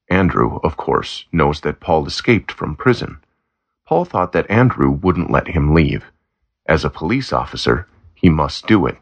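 A man reading a story aloud as narrator, steady and plain, lightly voicing the characters. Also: low voice, vocal fry. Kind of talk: scripted narration of a graded reader story.

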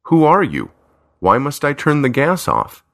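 A man's voice: lowish voice, wildly swooping pitch, normal speed, dry recording, clean studio sound, full character voice. A man voicing a young older brother in a storybook, plain and mildly puzzled.

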